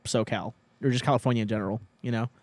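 A man's voice: mid-range voice, steady tone, rapid-fire, no echo. A young man co-hosting a podcast, bantering loosely with friends, laughing and swearing. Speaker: podcast co-host.

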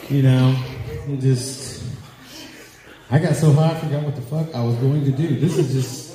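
A man's voice: mid-range voice, fairly even intonation, normal speed, warm tone. A man doing a loose, rambling stand-up set, laughing at his own jokes. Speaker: stand-up comedian. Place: club or hall with a live audience. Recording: echoey hall, noisy live room.

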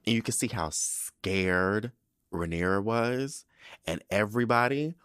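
A man hosting a podcast, recapping a TV episode in an animated, profane, sassy storytelling way. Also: lowish voice, measured pace, smooth, no room sound, studio quality. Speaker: podcast host.

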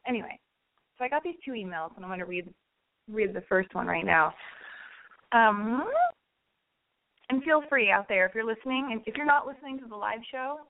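A woman's voice: mid-range voice, no echo, narrow, tinny audio. A woman hosting her own call-in podcast, gushing and rambling in casual chat, swearing freely. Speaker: podcast host.

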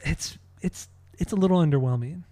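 A man's voice: a little high, a little fast, warm tone, no room sound. A man co-hosting a podcast in casual music chat, laid-back, swearing and repeating his phrases. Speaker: podcast co-host.

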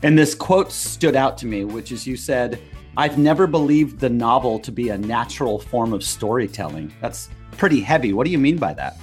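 A man's voice: medium pitch, expressive, moderate pace, soft background music. A man hosting a podcast, asking questions in a playful, teasing way. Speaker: podcast host. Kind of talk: interviewing with jokes.

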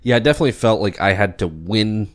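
A man co-hosting a podcast in casual chat, relaxed and reflective, laughing often. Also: fairly low pitch, quick pace. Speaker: podcast co-host.

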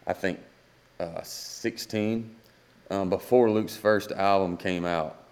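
Deep-voiced man telling a long story. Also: steady tone, takes it slowly, a little mellow. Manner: rambling anecdotes acting out quoted dialogue. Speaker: guest singer-songwriter. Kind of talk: casual storytelling in a podcast chat.

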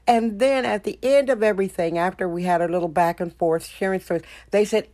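A woman's voice: medium pitch, brisk, few pauses, darkish tone. Opinionated woman podcast host. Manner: opinionated, emphatic rhetorical questions. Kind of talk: solo podcast monologue.

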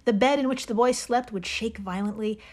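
A woman's voice: fairly high pitch, a little fast, a little mellow. A woman co-hosting a podcast who leads the story, narrating with playful dramatic flair. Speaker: podcast co-host.

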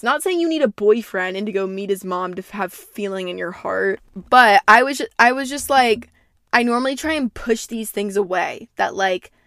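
Gravelly young woman podcaster. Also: medium pitch, a bit bright, dry recording, clean studio sound. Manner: rambling, profane and candid. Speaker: podcast host. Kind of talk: casual solo chat.

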